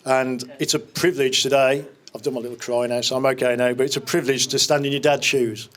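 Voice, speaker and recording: A man's voice: mid-range voice, flat delivery, fast talker, fairly bright tone, slight background noise. A man in his fifties giving a wedding speech in place of the bride's father, telling fond, joking stories with small restarts. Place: wedding reception hall.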